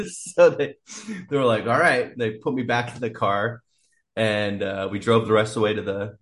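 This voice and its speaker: A man casually telling a story on a podcast, animated, acting out what he and others said and swearing freely. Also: lowish voice, moderate pace. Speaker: podcast guest.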